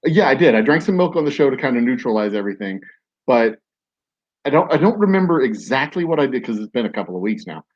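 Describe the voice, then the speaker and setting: A man's voice: medium pitch, sing-song, quick pace, lo-fi sound. Rambling man telling a story. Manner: rambling, with many "like"s and restarts. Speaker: podcast host. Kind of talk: casual storytelling.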